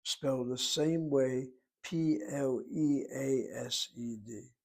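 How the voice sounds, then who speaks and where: A man teaching a language lesson, speaking slowly and deliberately and spelling words out letter by letter. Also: mid-range voice, breathy edge, poor audio. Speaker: Hebrew teacher. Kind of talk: lecture.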